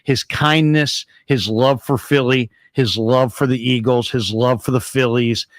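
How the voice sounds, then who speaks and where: Excited sports radio host, dry studio sound. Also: male voice, mid-range voice, measured pace, dry recording. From San Francisco. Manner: enthusiastic storyteller, repeats names for emphasis. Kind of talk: casual sports radio talk.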